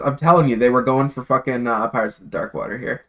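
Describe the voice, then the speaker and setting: A man streaming a video game, giving casual commentary with plenty of swearing and excitable remarks. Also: mid-range voice, fast. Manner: profane and excitable.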